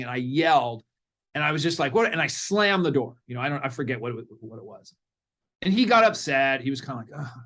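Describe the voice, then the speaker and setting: A middle-aged man, a parenting coach guest in a podcast interview, telling stories in an animated way and acting out what people said. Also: a little high. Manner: animated storyteller, acts out quotes.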